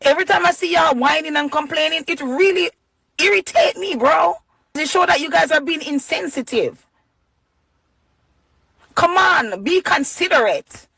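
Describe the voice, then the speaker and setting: A woman's voice: high voice, lively intonation, normal speed, gravelly, pauses often, sharp tone, no room sound, rough recording. A woman from Jamaica with a Jamaican accent, talking in an irritated, pleading way in a social media video.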